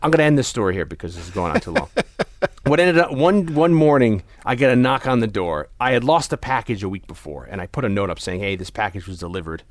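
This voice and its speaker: A man's voice: medium pitch, big pitch swings, fast, no room sound. A young man hosting a podcast, chatting casually and telling a rambling story with many restarts. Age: young adult. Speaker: podcast host. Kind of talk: casual chat.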